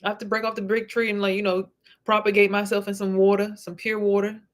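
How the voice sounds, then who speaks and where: A woman's voice: mid-range voice, little pitch movement, fast. Blunt, profane woman vlogger. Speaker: vlogger and spiritual reader. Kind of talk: casual talking-to-camera monologue.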